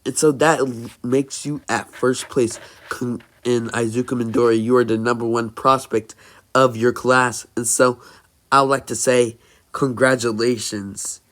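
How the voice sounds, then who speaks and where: A man doing a loud beaming hero mentor. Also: mid-range voice, steady tone, a little slow, lightly acted. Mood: booming.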